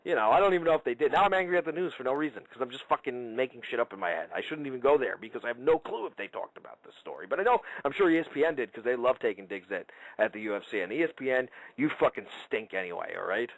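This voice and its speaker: A man hosting a fight-talk radio show, his pitch leaping wildly as he rants. His voice is dry and close, with no room sound. He swears nonstop and fires himself up. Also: expressive, very fast, few pauses, dry recording, rough recording. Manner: loud, ranting, swears constantly. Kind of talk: casual profane chat. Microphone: internet radio call-in line.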